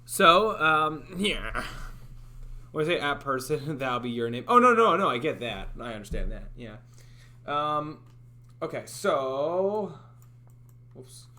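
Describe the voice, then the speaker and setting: A man's voice: fairly high pitch, very animated, slow, pauses often, bright, forceful tone. A man streaming live, chatting casually and rambling, doubting himself and laughing at his own attempts. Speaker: streamer making a game. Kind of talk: casual livestream chat.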